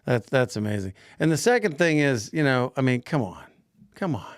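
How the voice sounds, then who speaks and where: A man's voice: mid-range voice, very animated, normal speed, no room sound, clean studio sound. A man co-hosting a podcast, chatting casually, laughing easily and joking with his partner. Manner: laughs easily, playful banter. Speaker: podcast co-host. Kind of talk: casual chat.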